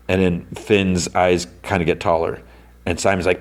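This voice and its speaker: A man's voice: deep voice, flat delivery, measured pace. A man hosting a podcast, casually recapping a show episode, rambling with lots of "like" and "um". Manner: rambling, heavy on "like" and "um" fillers. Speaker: podcast host.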